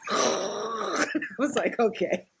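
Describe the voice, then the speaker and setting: A woman's voice: mid-range voice, animated, very slow, gravelly, a loud crowd. A woman co-hosting a casual podcast, telling a story with lots of laughter and acted-out quotes. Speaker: podcast co-host.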